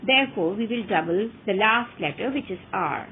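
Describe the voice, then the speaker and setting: A woman teaching English verb forms in a careful, deliberate way, stressing each example word. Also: mid-range voice, animated. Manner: clear, careful enunciation with rising emphasis on examples. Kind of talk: slow, deliberate grammar lesson. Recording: phone-like narrow audio with faint hiss.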